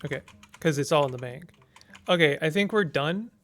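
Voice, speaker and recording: This man's voice is a little high and a bit bright, with lively intonation and a moderate pace, backed by soft music. Playing a text-based strategy game, he reads its text out loud and thinks over each move with small pauses.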